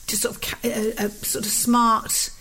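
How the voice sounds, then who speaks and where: A northern English woman in her fifties chatting on a podcast, her voice sitting a little high. She tells stories chattily and gets animated when she acts out what people said. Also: a little slow. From northern England. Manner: chatty storyteller, animated when acting out dialogue. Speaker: podcast host. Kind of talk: casual chat.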